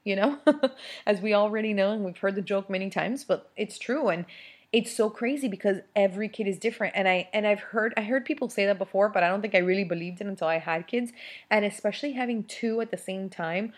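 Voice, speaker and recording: A young woman in a casual, chatty monologue, candid and laughing easily as she talks about motherhood. Her voice sits at a middling pitch, and her talk is loose and full of fillers. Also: fairly quick. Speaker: mother of twins sharing parenting thoughts.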